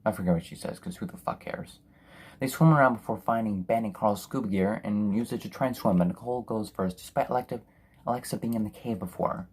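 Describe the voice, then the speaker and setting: A man's voice: lowish voice, fast, a little mellow, breathy edge. A man reviewing a film in a sarcastic, profane, exasperated rant. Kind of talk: ranting film review commentary.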